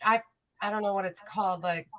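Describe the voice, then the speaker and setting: A woman's voice: medium pitch, fairly even intonation, brisk, a crowd in the background. A bubbly woman chatting casually as a guest on a live stream.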